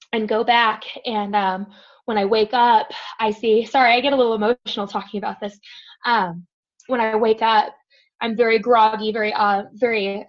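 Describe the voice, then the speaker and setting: A woman who is a podcast guest tells a personal story in an earnest way, pausing on many "um" fillers. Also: medium pitch. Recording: dull lo-fi audio.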